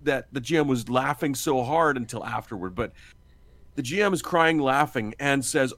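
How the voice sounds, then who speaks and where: A man's voice: mid-range voice, moderate pace, no room sound. Guy rambling through a funny story, voice jumps all over, swears a lot, super dry close sound. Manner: animated, laughing, swearing, acting out quotes. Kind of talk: casual storytelling chat.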